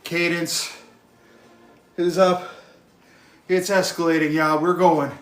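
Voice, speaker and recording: An out-of-breath man talking to his live stream chat while riding an exercise bike at home, getting worked up and yelling at times. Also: a little high, flat delivery, takes it slowly, echoey room. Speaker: fitness vlogger live streaming his workout.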